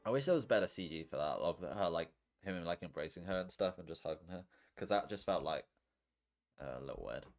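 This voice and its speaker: A man's voice: low voice, animated, a little fast, faint music behind. A man streaming, chatting casually and rambling between lines of a game he reads aloud. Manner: rambling, lots of "like", laughs easily. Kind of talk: casual commentary while reading a game.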